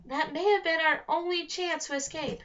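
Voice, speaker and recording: A woman's voice: sits high, fairly even intonation, normal speed, a bit bright, pitched above the performer's own voice. A woman voicing a brave, bossy girl twin who takes charge, urgent and commanding. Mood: scolding. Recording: dull lo-fi recording.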